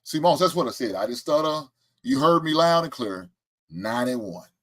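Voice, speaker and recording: A man's voice: medium pitch, animated, moderate pace. A man hosting a casual live-stream sports talk show, boasting about his predictions and firing back at the chat with laughs and trash talk. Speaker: show host.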